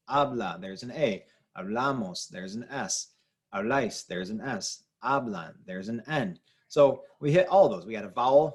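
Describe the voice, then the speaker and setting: A man's voice: medium pitch, slightly rough. A man teaching a Spanish grammar lesson, explaining patiently and repeating key rules, with the occasional "um". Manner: patient, repetitive explaining with fillers. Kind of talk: classroom-style grammar lesson.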